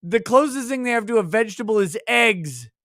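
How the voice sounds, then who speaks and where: A man's voice: high voice, lively intonation, a little fast, a bit bright, no room sound, clean studio sound. A man hosting a livestream, in a casual, profane rant, crude and mocking. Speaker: livestream host.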